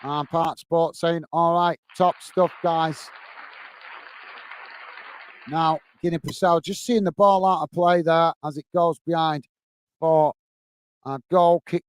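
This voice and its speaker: A man hosting a football watch-along, commentating on the match and chatting warmly with viewers in the chat. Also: a little high, steady tone, slow, pauses often, clear, resonant tone, no room sound. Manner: chatty, says "mate" a lot, reads chat messages aloud.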